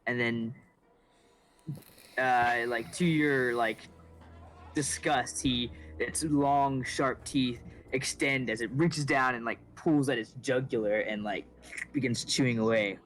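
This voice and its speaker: A man narrating as game master of a tabletop game, casual and halting, with many fillers. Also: mid-range voice, fairly even intonation, fairly bright tone, poor audio.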